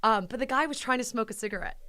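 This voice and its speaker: A woman's voice: on the high side, very fast, noisy background. A woman chatting casually with her husband in his home office, telling a story and acting out what people said. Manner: chatty, acts out quoted people. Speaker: co-host, host's wife.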